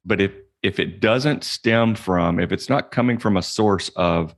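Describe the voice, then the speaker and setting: A man co-hosting a podcast, speaking in a measured, reflective way. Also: sits low, gravelly. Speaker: podcast co-host. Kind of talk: casual podcast chat.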